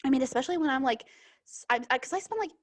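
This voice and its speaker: A woman's voice: sits high, expressive, racing. A young woman co-hosting a casual podcast, chatting with lots of fillers and restarts. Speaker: podcast co-host, bookseller. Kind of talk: casual chat.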